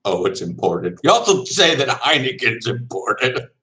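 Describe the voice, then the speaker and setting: A man's voice: medium pitch, sing-song, measured pace, pushed and bright, rough recording. A man from the United States chatting casually as a vlogger, wry and sarcastic. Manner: wry, sarcastic, laughs often. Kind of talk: casual chat.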